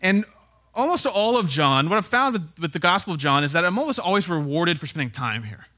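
A male pastor gives a relaxed, chatty sermon in a slightly high, bright, forward voice. He teaches with dry humor and keeps tossing "right?" to the congregation. His tone stays easygoing and close, like a talk among friends. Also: brisk. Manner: casual and wry, with frequent "right?" tag questions. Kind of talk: conversational sermon.

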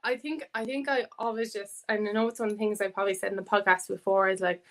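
A woman's voice: mid-range voice, steady tone, quick pace. Chatty woman, laughing. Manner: chatty, laughs often, acts out quotes. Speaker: fitness academy student, guest. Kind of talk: casual podcast chat.

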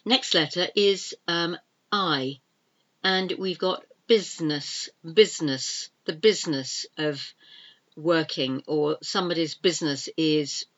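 A woman's voice: low voice, slow, a bit bright, dull audio. A woman teaching an English pronunciation lesson, saying each word twice and spelling it out letter by letter. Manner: spells words out letter by letter and repeats them.

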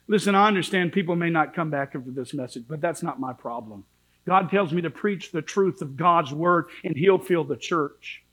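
Man, high voice, fiery church sermon, shouts then drops low, pleading. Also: poor audio. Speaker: preacher.

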